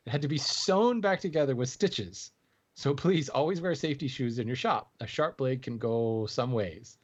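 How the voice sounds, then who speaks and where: A man's voice: mid-range voice, normal speed, lo-fi sound. A man co-hosting a casual podcast, reading listener mail playfully, laughing often and mocking himself. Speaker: podcast co-host.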